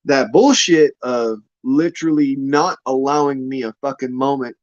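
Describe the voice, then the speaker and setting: A man's voice: mid-range voice, normal speed, no echo. A man rambling casually on his vlog in a folksy, drawling way, often swearing. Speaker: vlogger. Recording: muffled lo-fi dry sound.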